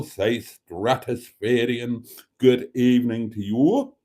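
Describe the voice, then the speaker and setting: A man's voice: mid-range voice, sing-song, unhurried, warm tone. A man hosting a live stream, reading out viewer comments in a camp, theatrical way and calling everyone darling.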